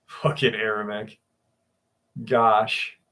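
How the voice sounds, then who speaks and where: A man's voice: lowish voice, drawn-out words. Guy hosting a livestream, just chatting, says hi to the chat, swears a bit, gets hyped easy. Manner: loose and excitable, greets chat viewers by name, swears casually. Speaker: livestream host. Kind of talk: casual live chat.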